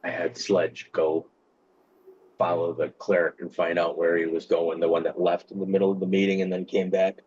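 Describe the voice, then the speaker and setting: A man playing a tabletop game, husky and blunt in casual talk. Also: deep voice, monotone, moderate pace, a little mellow, muffled recording, a little hiss or hum. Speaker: player.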